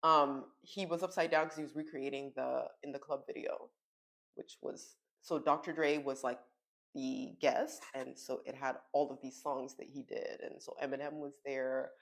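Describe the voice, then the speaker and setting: A woman in her thirties, a podcast co-host, chatting casually with lively, swearing, laughing storytelling. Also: extremely low pitch, normal speed. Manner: animated, swearing, laughs often, acts out quotes. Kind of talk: casual chat.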